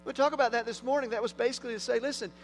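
High-voiced man preaching a sermon. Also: fairly even intonation, very fast. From moved to Tennessee from Las Vegas. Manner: earnest preaching, swings from loud emphasis to hushed. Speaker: pastor. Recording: faint mains hum.

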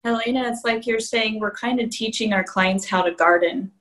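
A woman's voice: fairly high pitch, normal speed, fairly bright tone, poor audio. A woman co-hosting a conversational podcast as a couples therapist, explaining things and laughing easily.

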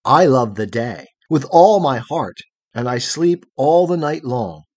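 A man reading as a gentle wondering night girl. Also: mid-range voice, lively intonation, unhurried, dry recording. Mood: tender wonder. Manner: wondering, tender, softly earnest.

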